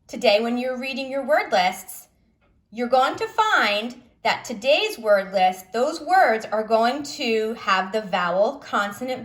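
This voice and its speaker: A woman teacher giving a slow, patient phonics lesson to children, asking them questions as she goes. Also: a little high, fairly bright tone.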